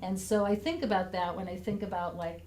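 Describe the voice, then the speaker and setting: A middle-aged woman sharing a heartfelt personal story with a church group, speaking gently and hesitantly with many fillers. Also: fairly low pitch, a little fast, noisy background. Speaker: congregation member sharing. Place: church meeting room, also on video call. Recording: echoey room.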